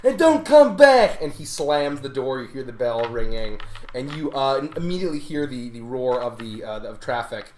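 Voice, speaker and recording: A woman narrating a tabletop game as game master, halting with many fillers. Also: extremely low pitch, a little mellow, a little hiss or hum. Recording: echoey room with music behind.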